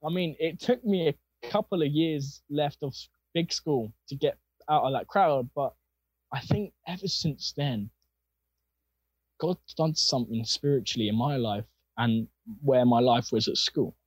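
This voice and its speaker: A young man with a husky voice, telling his personal faith story in an earnest, rambling way with plenty of fillers. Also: medium pitch, measured pace, no room sound. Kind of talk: casual personal testimony.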